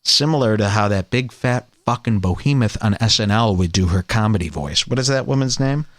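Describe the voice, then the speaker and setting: A man's voice: fairly low pitch, fairly quick. A man hosting a comedy podcast, ranting in a sarcastic, profane, mock-outraged way. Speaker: podcast host.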